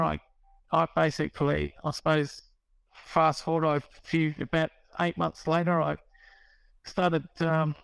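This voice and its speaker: A man's voice: fairly high pitch, creaky, dry recording, poor audio. A middle-aged man, casually telling his recovery story in a rambling way, with restarts and quoted dialogue. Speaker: guest sharing recovery story.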